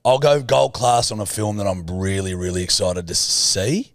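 A man's voice: on the low side, moderate pace, dry recording, studio quality. A man with an Australian accent co-hosting a podcast in crude, teasing banter. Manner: crude, teasing, jokey voices. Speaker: podcast co-host. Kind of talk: casual banter.

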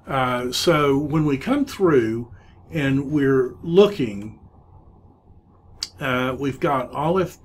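A man teaching a Hebrew class in a recorded lecture, talking hesitantly with frequent filler pauses. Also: medium pitch, slight background noise. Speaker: Hebrew instructor.

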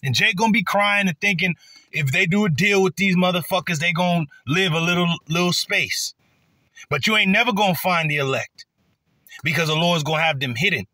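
Casting: forceful, heated male street preacher, profane, close dry mic. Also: high-pitched, fairly quick, no echo. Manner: heated, profane, acts out quoted voices.

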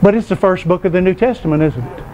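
A man's voice: high-pitched, quick pace, background noise. A man teaching an informal Bible study class, explaining loosely and stopping often to quiz the class with questions. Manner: conversational, quizzes the class with questions.

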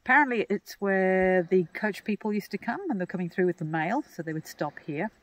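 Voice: mid-range voice, fairly quick, fairly bright tone, no room sound. An Australian speaker chatting casually outdoors, guiding a look around old ruins in a rambling way with restarts and chuckles. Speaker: paranormal investigator guide. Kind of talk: casual on-site chat.

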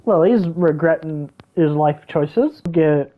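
Excitable woman reacting to a dinosaur game, lots of oh oh, kinda muffled lo-fi mic. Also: deep voice, slow pace. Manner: excitable, gasping and laughing reactions. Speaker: gaming YouTuber. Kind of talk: gameplay commentary.

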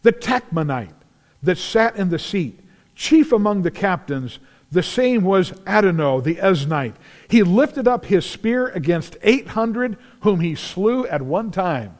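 A man preaching in a big church sanctuary, his fairly high voice swinging up and down as he acts out Bible stories. He bursts into shouts at the climaxes of the action. Long reverb trails behind every phrase. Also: measured pace. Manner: animated storytelling, acts out scenes, shouts at climaxes. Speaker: pastor. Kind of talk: sermon.

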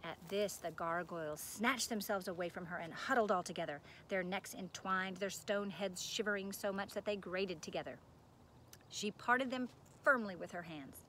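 A woman narrating a children's book aloud in a measured, gentle storytelling manner. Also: mid-range voice, slight background noise.

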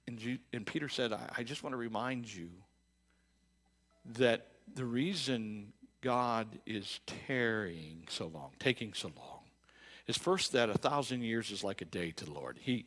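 A male pastor delivers a sermon in a church with a bright, forward tone. He talks like a conversation, stumbling over restarts and doubling words. His delivery climbs to loud emphatic bursts, then settles into quiet, thoughtful passages. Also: fairly low pitch, expressive, a little slow. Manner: conversational preaching with frequent restarts and repeated words. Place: church sanctuary.

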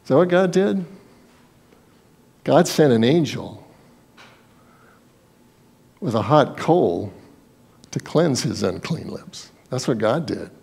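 A male pastor preaching a sermon emphatically, asking the congregation rhetorical questions and swinging between loud and hushed delivery. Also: mid-range voice, very animated, slow pace, gravelly, pauses often, slightly rough.

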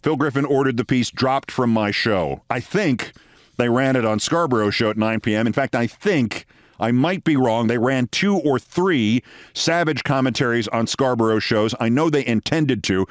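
A man's voice: mid-range voice, moderate pace, no room sound, studio quality. A man hosting a podcast, delivering a scripted commentary monologue with sardonic, emphatic storytelling. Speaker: podcast host.

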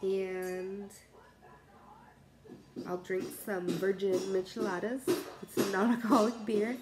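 A woman's voice: mid-range voice, level tone, slow pace, loud music behind the voice. A young pregnant woman chatting casually to her camera while cooking in her home kitchen, rambling and laughing often. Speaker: cooking vlogger.

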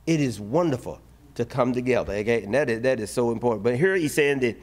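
A male pastor preaching a sermon in animated style, using a relaxed dialect and acting out short voiced asides. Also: mid-range voice, fast talker.

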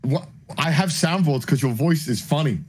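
A man's voice: fairly high pitch, normal speed, husky. A man streamer in casual banter, smugly teasing and mock-stern with his co-host.

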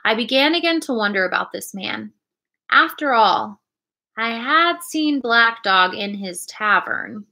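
Bright woman reading a storybook aloud. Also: fairly high pitch, expressive, a little slow. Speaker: reader.

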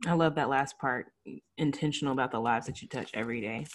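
A woman's voice: a bass voice, fast. A woman in her thirties, a mother, hosting a podcast and speaking in a conversational, slightly hesitant way. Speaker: podcast host.

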